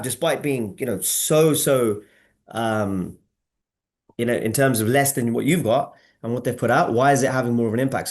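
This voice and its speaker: Animated man hosting a marketing webinar. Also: mid-range voice. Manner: animated, emphatic, asks audience for replies. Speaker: webinar host. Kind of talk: casual marketing webinar talk.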